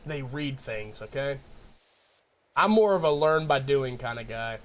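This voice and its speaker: A man's voice: mid-range voice, animated, unhurried. A man chatting casually on a live stream, joking and ranting in a rambling way and laughing often.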